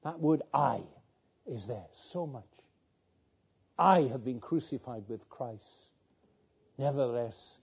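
A man's voice: medium pitch, takes it slowly, creaky, pauses often, breathy edge. A man preaching a sermon, earnest and repeating his words, who builds to fervent climaxes. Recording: dull lo-fi sound.

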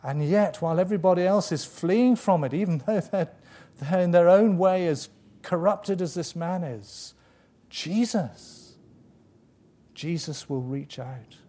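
A man's voice: sits high, dark tone. Emphatic man preaching a sermon. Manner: emphatic, with dramatic pauses and repetition.

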